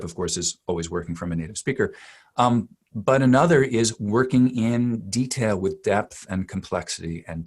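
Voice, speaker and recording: Low deep guy, dialect coach, explains stuff at length, keeps repeating words for emphasis. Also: breathy edge. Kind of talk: expert interview answer.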